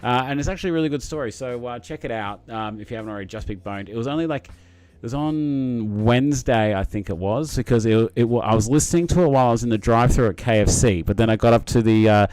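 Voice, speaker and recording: A man's voice: mid-range voice, fast, a little mellow, clean tone, dry recording. A young man hosting a casual live stream, chatting to viewers in a rambling, matey way with lots of fillers and restarts. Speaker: livestream host reading chat.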